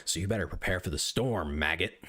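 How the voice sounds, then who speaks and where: A man with a deep voice playing a boastful, furious sniper in a profane, menacing rant. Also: a little fast, sharp tone. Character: boastful furious male sniper, threatening tough guy. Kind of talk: meme reading on stream.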